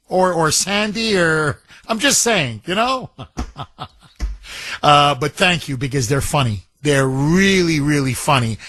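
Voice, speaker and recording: A man's voice: a little high, a bit bright, no echo. A man hosting a talk radio show, brash and taunting, often laughing as he talks to callers and his producer. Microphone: studio microphone.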